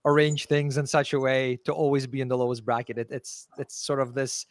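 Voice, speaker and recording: A man's voice: mid-range voice, flat delivery, fairly quick, dry recording, clean studio sound. A man from Canada hosting a podcast, posing long, carefully worded questions. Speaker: podcast host. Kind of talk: interview questions.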